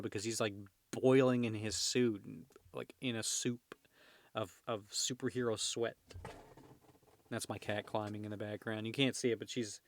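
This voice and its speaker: A man hosting a relaxed comic read-along from home, talking in a mid-range voice. He drifts into chatty, rambling asides full of fillers. The sound is dry and close, with no room echo. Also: mid-range voice, a little fast. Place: home room with his cat.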